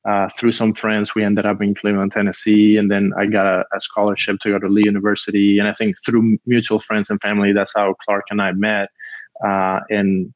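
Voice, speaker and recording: A man's voice: lowish voice, completely flat delivery, fairly quick, no echo, lo-fi sound. A man from Cuba, a guest telling a story in a rambling casual way, full of "like", acting out what people said. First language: Spanish. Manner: rambling, heavy use of "like", acts out quotes.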